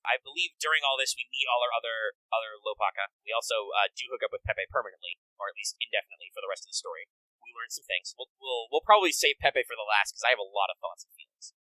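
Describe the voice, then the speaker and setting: A man co-hosting a casual video-game podcast, animated and quick to act out characters in put-on voices. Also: mid-range voice, dry recording, low-quality recording. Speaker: podcast co-host.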